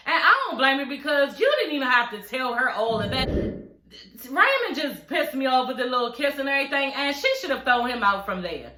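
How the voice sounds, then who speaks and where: A woman's voice: high voice, a little fast, a little hiss or hum. A young woman, casually recapping a TV episode and acting out the characters' lines as she goes. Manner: animated, acts out characters' lines while retelling. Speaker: TV episode reviewer. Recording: echoey room.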